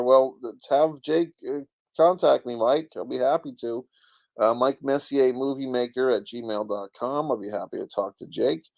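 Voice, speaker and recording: A man's voice: mid-range voice, normal speed, gravelly, a little mellow. A middle-aged man hosting a casual live stream, rambling about a comedy special and reading viewers' comments aloud. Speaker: online show host reading chat comments.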